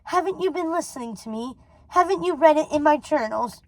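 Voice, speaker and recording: A woman's voice: high voice, animated, brisk, no room sound, voice pushed up, rough recording. A woman voicing a cold, possessive old witch mother who speaks with icy scorn, reading a storybook aloud. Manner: icy and scornful, then doting.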